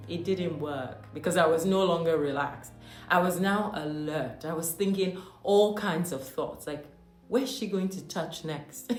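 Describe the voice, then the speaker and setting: A woman from Nigeria telling a personal story in a monologue. She talks animatedly, with mock-outraged asides, and laughs often. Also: fairly low pitch. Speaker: host. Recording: echoey room with faint music.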